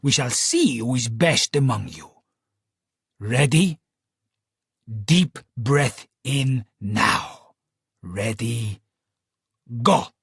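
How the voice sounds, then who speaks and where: Casting: male narrator doing a showy Italian escape artist, loud, drawn-out, husky edge. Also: animated, no room sound, studio quality, heavily acted. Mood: booming showman. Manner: booming, slow showman delivery. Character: boastful Italian stage escape artist man. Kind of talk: audiobook character voice.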